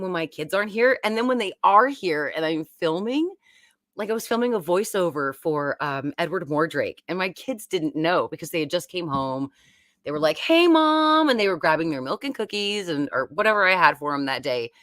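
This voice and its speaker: A woman's voice: medium pitch, a bit bright, no room sound, studio quality. A woman, hosting a casual, rambling live-stream chat from home. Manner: chatty and rambling. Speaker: YouTube host.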